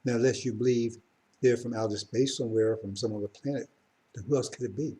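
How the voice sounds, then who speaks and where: A man in middle age giving a live religious talk to his followers. His voice is warm and mellow, and his delivery rambles, with restarts and asides. When he presses his message, it turns fervent and insistent. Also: mid-range voice, fairly even intonation, fast. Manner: rambling, self-correcting, rising to fervent emphasis. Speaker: religious teacher.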